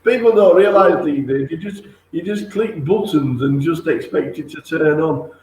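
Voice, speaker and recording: High-voiced enthusiastic interviewer, echoey room. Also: male voice, normal speed, darkish tone. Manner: enthusiastic, short reactions. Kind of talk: casual interview.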